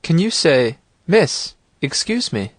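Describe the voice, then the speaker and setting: Working from a script, a man narrates a language course, giving calm, clear instructions and prompting the listener to repeat. His pitch is fairly high and his pace slow, with no room sound.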